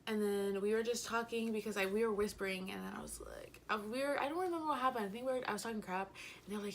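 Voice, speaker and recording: A woman's voice: mid-range voice, quick pace, a little hiss or hum. A young woman telling a rambling, giggly storytime about a concert, a little out of breath, full of fillers. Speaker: vlogger. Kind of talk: casual storytime chat.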